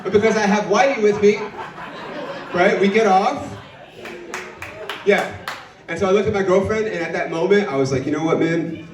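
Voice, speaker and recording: A man's voice: sits high, normal speed, pauses often, recorded from a distance. A young man doing a stand-up set, telling a brash, profane story and acting out the people in it. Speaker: stand-up comedian. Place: comedy club stage. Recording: roomy club sound, audience laughter. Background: audience laughing.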